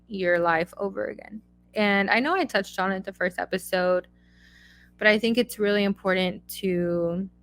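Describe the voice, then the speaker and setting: A woman's voice: medium pitch, fairly bright tone. A young woman hosting a solo podcast, giving blunt, emphatic advice in a casual chatty way with lots of repetition. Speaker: podcast host.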